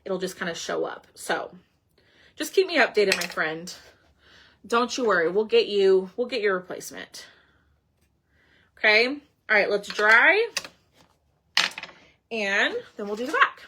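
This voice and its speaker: A woman's voice: medium pitch, sing-song, measured pace, pauses often, noisy background. A woman hosting a crafting live stream, chatting casually and greeting viewers by name.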